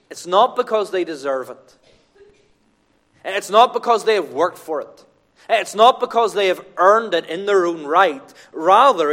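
A man preaching a sermon at a baptism service in church, earnest and emphatic, repeating his key phrases. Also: on the high side. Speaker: pastor.

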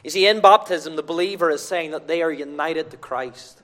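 A man's voice: on the high side, moderate pace, sharp tone. A man preaching a sermon at a baptism service in church, earnest and emphatic, repeating his key phrases. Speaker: pastor.

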